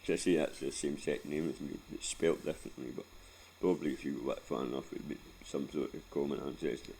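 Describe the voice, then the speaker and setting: A very deep-voiced Scottish man in his forties, gravelly and dark in tone, rambles through a sweary life story with frequent laughs. Soft background noise sits under his voice. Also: fairly even intonation, fast talker, low-quality recording. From Scotland. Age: 40s. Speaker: vlogger. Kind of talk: casual storytelling.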